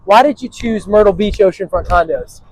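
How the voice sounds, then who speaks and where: A man's voice: high-pitched, normal speed, poor audio. A man hosting an interview, talking about property in an upbeat, salesy way that repeats phrases. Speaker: host and real estate agent.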